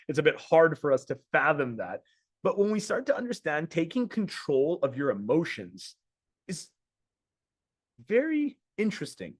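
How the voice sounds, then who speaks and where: A man's voice: fairly high pitch, no room sound, studio quality. Blunt, casual man giving a motivational talk. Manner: casual and blunt, swears, repeats words while thinking aloud. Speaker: men's coach. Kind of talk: motivational talk to a group call.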